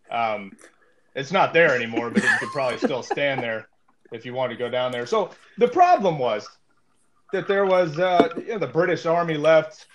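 A man's voice: medium pitch, noisy background. A man co-hosting a podcast, telling a story in a rambling, joking way with many fillers. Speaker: podcast co-host. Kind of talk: casual podcast chat.

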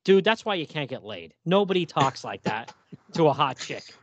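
A man's voice: fairly high pitch, sing-song, moderate pace. A man co-hosting a podcast, chatting casually and animatedly with lots of fillers and laughter. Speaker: podcast co-host. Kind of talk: casual chat about comics.

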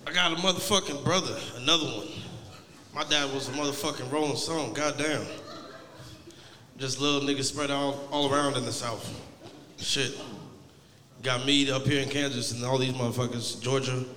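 A young man in his late twenties performing a stand-up set in a bright, sharp voice. He rambles in a laid-back, profane way and sounds a bit high. A long hall reverb trails his words. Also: fairly even intonation, normal speed. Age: 20s. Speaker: stand-up comedian.

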